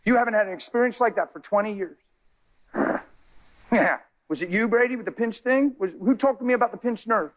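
A male preacher telling a story in a sermon, excitable, jumping between loud high bursts and low quiet asides. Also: fairly quick, muffled recording. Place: church.

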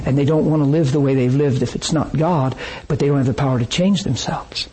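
Recorded in low quality, a male pastor preaches at a fairly quick pace in a medium-pitched voice. He animates his sermon with stories, performing the voices of the people he quotes.

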